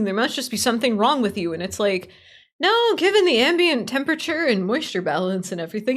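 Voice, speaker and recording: A woman streaming live, chatting casually in a blunt, opinionated, heavily profane way while answering her chat. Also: fairly low pitch. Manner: playful, answering chat as she talks.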